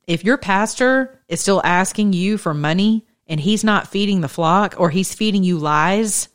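A woman's voice: medium pitch, measured pace. A woman in her thirties giving an informal, conversational sermon with impassioned, shifting pace. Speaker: preacher.

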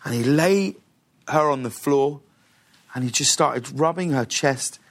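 A man, a guest on a talk show, telling an animated story in a television studio. He laughs often and fills his speech with "like" and "uh". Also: medium pitch, a little slow.

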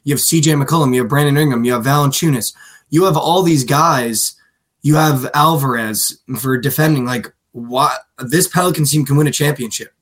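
A man co-hosting a sports podcast in casual, animated chat, swearing freely and mimicking players. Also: mid-range voice, moderate pace. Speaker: podcast co-host.

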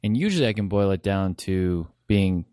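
Man, low voice, wry and reflective, dry close sound. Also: expressive, moderate pace, dark tone, no room sound. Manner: reflective, wry, self-deprecating. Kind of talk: casual chat.

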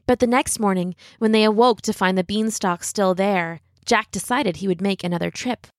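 Female narrator for a fairy-tale read-aloud, mid-pitched, expressive, close and dry sound. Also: dry recording. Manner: expressive, dramatic slowing at tense moments. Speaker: storyteller.

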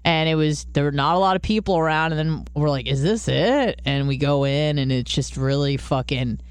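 A woman co-hosting a podcast, telling stories in casual chat, swearing freely and jumping into high quoted voices. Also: fairly even intonation, brisk, clear, resonant tone, dry recording. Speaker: podcast co-host.

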